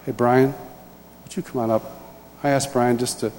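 A man's voice: mid-range voice, normal speed, a little hiss or hum. Man preaching in a reverberant hall. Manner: animated storytelling, acting out dialogue. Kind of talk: sermon story and prayer. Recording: reverberant hall, faint ambience.

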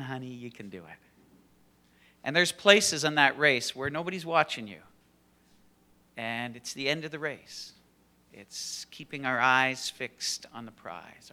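A middle-aged man preaching a conversational sermon in a personal, relaxed way. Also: medium pitch. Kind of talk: sermon with story reading.

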